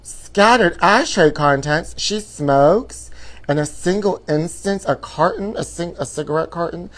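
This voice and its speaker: A man's voice: on the high side, a little slow, fairly bright tone. A man hosting a live show from his apartment, chatty and theatrical, sprinkling "honey" through his campy gossip. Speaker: host.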